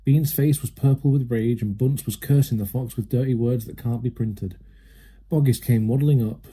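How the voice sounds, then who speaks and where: A man narrating a children's storybook aloud with a steady, lively manner. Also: medium pitch, moderate pace, husky. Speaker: reader.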